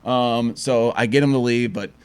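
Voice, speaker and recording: A man's voice: mid-range voice, moderate pace, clear, resonant tone. A man co-hosting a podcast, telling a profane story and acting out the quotes in different voices. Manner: profane, animated, acts out quotes in shifting voices. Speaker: podcast co-host. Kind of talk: casual storytelling chat.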